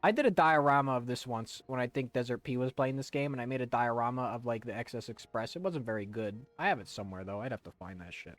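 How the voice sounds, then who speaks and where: A man's voice: medium pitch, quick pace, hardly any pauses, faint music behind. A young man chatting loosely while playing a video game on stream, joking and rambling. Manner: rambling and jokey, breaking into silly voices. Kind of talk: casual let's-play commentary.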